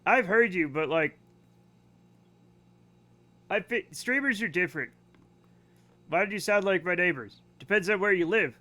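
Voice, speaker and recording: A man's voice: high voice, lively intonation, pushed and bright. A man live-streaming a game, chatting casually and cracking teasing jokes. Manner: joking, teasing, quick banter. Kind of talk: casual gaming stream chat.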